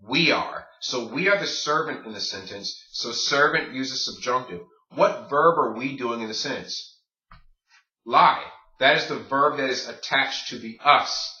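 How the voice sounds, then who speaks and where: A man's voice: mid-range voice, a little slow, sharp tone. A man teaching a Spanish grammar lesson, explaining step by step and asking his class rhetorical questions. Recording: distant, roomy, muffled.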